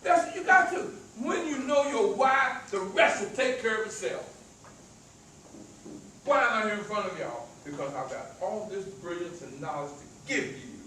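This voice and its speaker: A man with a rural American country accent delivers a motivational talk to a live audience, stuttering, stammering and repeating words. His voice sits high and sounds expressive, bright and forceful at a normal pace. The echoey event room makes him sound far from the mic, with slight background noise.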